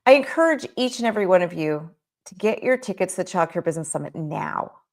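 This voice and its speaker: A woman's voice: lowish voice, lively intonation, fast. Emphatic woman giving a motivational talk. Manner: emphatic, repeats rhetorical questions. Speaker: child care business coach.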